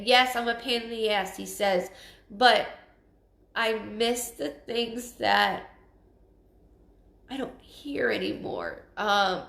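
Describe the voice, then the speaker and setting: A woman giving a live psychic reading, earnest and emotional, halting and often restarting her sentences. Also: medium pitch, creaky, fairly bright tone, roomy sound. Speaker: psychic medium. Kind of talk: live-streamed spirit reading.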